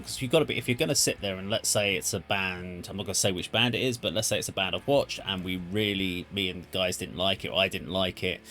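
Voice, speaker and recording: A man's voice: low-pitched, pushed and bright. A man who hosts a music reaction channel, talking in a thoughtful, rambling way and often correcting himself. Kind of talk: casual spoken commentary.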